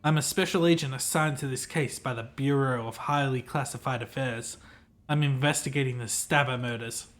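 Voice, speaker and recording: A man's voice: mid-range voice, normal speed, a bit bright, close to an everyday voice. A man voicing a male special agent investigating murders in a game, asking plain, direct questions.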